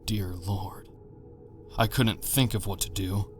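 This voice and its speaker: A man narrating a horror story in a measured, tense manner. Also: fairly low pitch, steady tone, over music.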